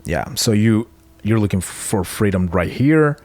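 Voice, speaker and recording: A man's voice: on the low side, animated, measured pace, darkish tone, no room sound. A man working as a behavior analyst, explaining someone's test results in conversation and often affirming with "yeah".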